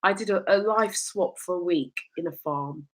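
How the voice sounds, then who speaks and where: Animated storytelling woman host. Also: fairly low pitch, normal speed, low-quality recording. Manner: lively storyteller, laughs often. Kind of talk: casual chat show.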